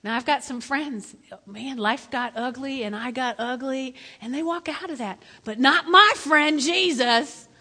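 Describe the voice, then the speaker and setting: High bright-voiced woman pastor preaching. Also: measured pace. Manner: lively, swings between loud and hushed. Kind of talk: sermon. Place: church. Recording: echoey hall.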